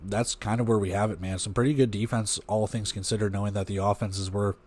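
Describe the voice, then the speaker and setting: Low-voiced man rambling through a sports recap. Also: steady tone, fairly quick, darkish tone, slightly rough. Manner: rambling, conversational, reads stats aloud. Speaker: podcast host.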